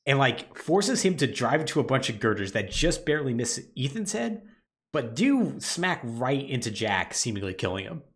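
A man on a podcast, retelling a video game's plot with a lively, swinging pitch. He breaks into quick put-on voices for the characters and keeps the chat relaxed and loose. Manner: animated storyteller acting out characters' lines. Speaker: podcast co-host. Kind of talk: casual game recap chat.

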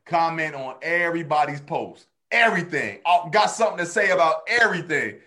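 A man's voice: on the high side, brisk. A man, a stand-up comedian, chatting casually and telling stories, acting out the people in them. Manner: animated storyteller, acts out voices in anecdotes. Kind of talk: casual conversation, storytelling.

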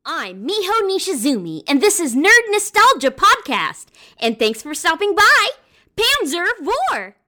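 A woman voicing a cheerful young anime schoolgirl who commands a tank, high and energetic. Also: unhurried, exaggerated voice.

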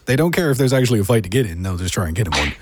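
A man's voice: on the low side, very animated, racing, background noise. Swearing English man, stammering. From England. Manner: profane, stammering restarts. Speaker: guest producer. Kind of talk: casual banter.

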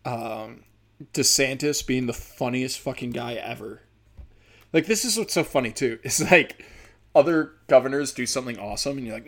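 Male comic, podcast host, rambling and profane, mild speech impediment, mid-pitched. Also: moderate pace. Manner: rambling, profane, many fillers. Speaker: stand-up comedian and podcast host. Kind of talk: casual podcast monologue.

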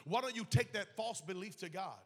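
A man's voice: sits high, expressive, fairly quick, darkish tone, a little hiss or hum. A man pastor preaching a sermon with passionate, emphatic repetition. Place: church sanctuary. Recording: echoey church hall.

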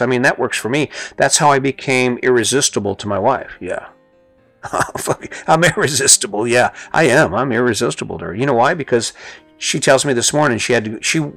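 A middle-aged man with a gravelly, fry-edged voice gives a motivational talk in an earnest, conversational way, often repeating a phrase for emphasis. The sound is dry and close, with faint music underneath. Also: medium pitch, a bit bright, no room sound. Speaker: host.

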